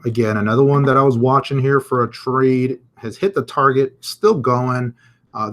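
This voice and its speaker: During a live stream about the crypto market, a man with a mid-range voice casually comments on charts. He's conversational, musing aloud as he reads what viewers are posting.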